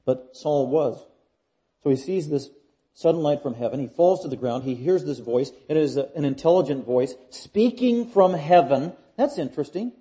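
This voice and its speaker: A man preaching an expository sermon, emphatic and repetitive, swinging from loud declarations to hushed asides. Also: on the high side, lively intonation, moderate pace.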